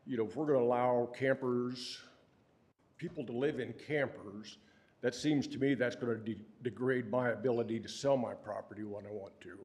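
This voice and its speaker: A man, making a measured, hesitant public comment at a county meeting. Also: medium pitch, darkish tone. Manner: measured, hesitant with many fillers. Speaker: member of the public.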